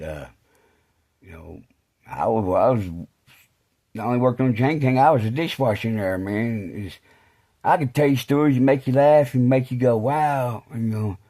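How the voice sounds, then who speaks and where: Rambling man telling loose stories. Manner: loose and repetitive, heavy on fillers like "man" and "you know"; drops low and quiet when speaking of faith. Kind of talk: rambling casual storytelling.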